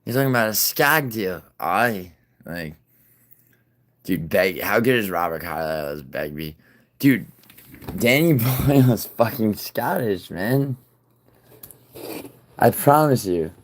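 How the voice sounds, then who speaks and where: A man with a very low voice hosts a casual livestream and answers his viewers. He rambles through fillers and swears freely. He often drops to a mumble, then pushes loud and insistent. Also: animated, unhurried, long pauses. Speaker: livestream host.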